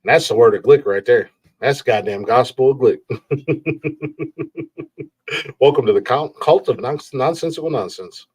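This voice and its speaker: A man's voice: medium pitch, lively intonation, takes it slowly, long pauses, husky. A man hosting a podcast, ranting in a rambling, profane way and laughing at his own jokes. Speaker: podcast host.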